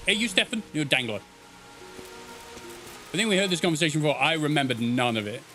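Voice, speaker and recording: A man's voice: fairly high pitch, animated, brisk, pauses often, sharp tone, faint music behind. A man streaming a video game, chatting casually, joking and swearing as he calls out to the characters. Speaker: gaming streamer. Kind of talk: casual let's-play commentary.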